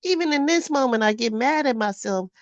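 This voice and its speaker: A woman in her fifties reads her journal aloud, frank and unfiltered. She swears freely and laughs at herself, and her pitch swings widely as she talks. The sound is dry and a little dull, like a modest home mic. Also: expressive, fairly quick, no echo. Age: 50s. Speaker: vlogger. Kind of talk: candid reading of her own journal.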